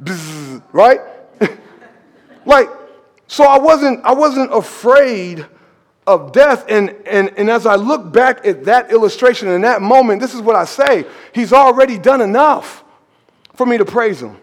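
A man preaching a sermon as pastor, storytelling with animated, shouted emphasis in a church sanctuary. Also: very high voice, unhurried. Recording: long reverb of a large church hall.

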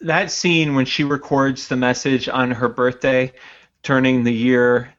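A man's voice: medium pitch, level tone, unhurried, fairly bright tone. A man co-hosting a casual podcast chat, reviewing a movie in a reflective way and searching for words as he goes. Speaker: podcast co-host. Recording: dull lo-fi sound.

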